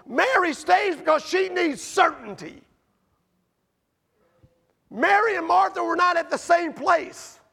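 A man delivers a sermon in an unusually high voice that leaps and falls all the way through. His tone carries a gravelly edge. He fires rhetorical questions at the congregation and swings between loud and quiet. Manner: rises and drops sharply in loudness. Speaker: preacher.

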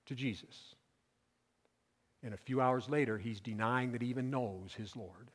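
A male pastor preaching a sermon, swinging between loud emphatic declarations and quiet asides. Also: mid-range voice, normal speed, pauses often, husky, in a large hall.

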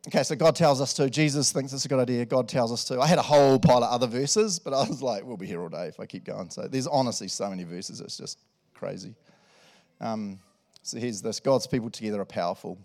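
A man's voice: mid-range voice, fairly quick, a little mellow. A New man preaching a sermon at a church service, chatty and enthusiastic, with lots of asides and "eh?" tags. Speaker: pastor.

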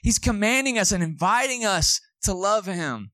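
Male pastor, chatty sermon delivery with asides to the congregation, pitched a bit high. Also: animated, normal speed, bright, forceful tone, no room sound, studio quality.

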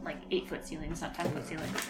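A woman playing a tabletop game, talking casually in an unhurried drawl. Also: low voice, level tone, a crowd in the background. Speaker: player. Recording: echoey room, music behind.

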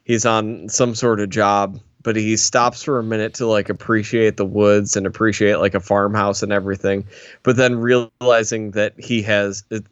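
A man's voice: lowish voice, level tone, moderate pace, no room sound, dull audio. A man cohosting a movie podcast, enthusiastic and stammering through restarts as he talks. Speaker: podcast co-host. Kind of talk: casual movie discussion.

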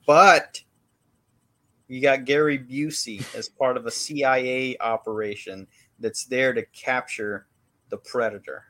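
A man's voice: mid-range voice, a bit bright. A man co-hosting a podcast, giving a rambling, laid-back movie recap in casual chat. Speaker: podcast co-host.

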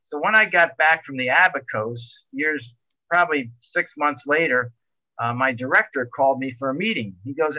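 A middle-aged man telling a long boating story in a rambling, animated way, full of restarts. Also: a little high, normal speed, no room sound, dull audio. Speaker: guest telling a sailing story. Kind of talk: casual storytelling.

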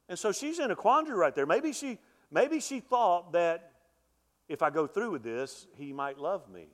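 A middle-aged pastor preaching a sermon, with animated delivery that swells and drops to a hush, often repeating words as he restarts. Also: high-pitched, normal speed.

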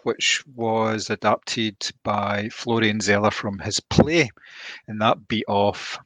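Man, film podcast co-host, lowish pitch, dry close sound, measured and thinking aloud. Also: flat delivery, fairly bright tone, dry recording. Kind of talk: casual film discussion.

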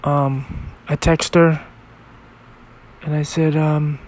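A man hosting a podcast episode, telling a personal story in a halting, reflective and emotional way. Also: on the high side, level tone, a little mellow. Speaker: podcast host.

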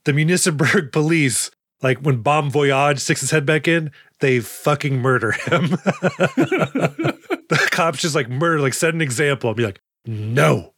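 This man speaks fairly high and fairly bright at an ordinary pace, in clean studio sound with no room echo. Co-hosting a film podcast, he keeps things loose and playful, occasionally slipping into goofy character voices.

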